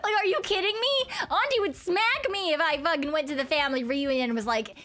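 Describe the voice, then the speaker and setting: A woman's voice: high-pitched, fairly quick, a bit bright. A young woman streamer in casual chat with her viewers, loose and giggly, swearing freely and humming while she reads chat. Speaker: VTuber streamer chatting with viewers.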